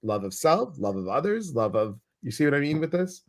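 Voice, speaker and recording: A man with a Chicago accent, co-hosting a casual livestream, reading viewer comments in a chatty, animated way that repeats phrases for emphasis. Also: a little high, a little fast. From Chicago, US Midwest.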